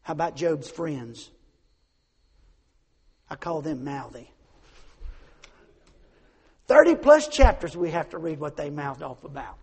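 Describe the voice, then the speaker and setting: A man preaching a sermon as pastor, swinging from hushed asides to shouts, often stammering and restarting. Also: fairly high pitch, sing-song, slow pace, pauses often, slightly rough. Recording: long hall reverb.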